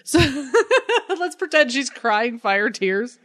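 A woman's voice: high-pitched, very animated, very slow, a bit bright. A woman co-hosting a podcast, chatting casually and playfully, joking and laughing often. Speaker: podcast co-host. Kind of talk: casual chat.

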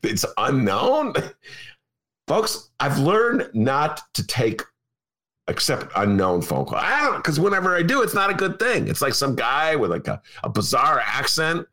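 An older man hosts a talk show with a gravelly, bright voice that swings wildly in pitch. He rambles through stories, laughs often and breaks into loud outbursts. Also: sing-song, a little slow. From Chicago. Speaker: podcast host. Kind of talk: casual political chat.

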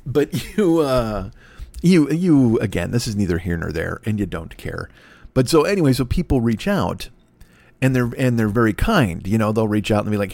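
A man's voice: lowish voice, animated, normal speed, creaky, a little mellow, dry recording. A man hosting a solo podcast, rambling in a profane, self-deprecating way. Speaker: podcast host.

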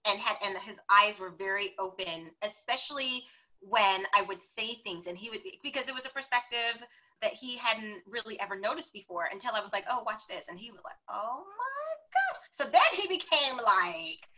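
A woman guest telling stories in a casual interview, animated and acting out the voices she quotes. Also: medium pitch, moderate pace, low-quality recording.

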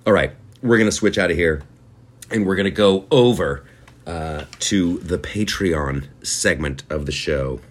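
A man's voice: low-pitched, measured pace. A man hosting a comedy podcast, ranting in a crude, rambling and mocking way.

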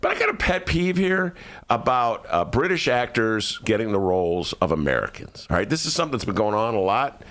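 A man's voice: lowish voice, fairly quick. A man hosting a casual talk radio show from a studio, rambling and joking about his week. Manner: rambling, animated, jokey. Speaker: radio show host and columnist.

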